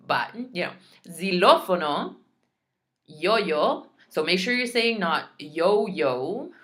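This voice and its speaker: A woman teaching a recorded Spanish lesson, slowly drilling words and repeating each one, with chatty asides between drills. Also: low-pitched, sharp tone. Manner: slow, careful pronunciation drills, repeating each word.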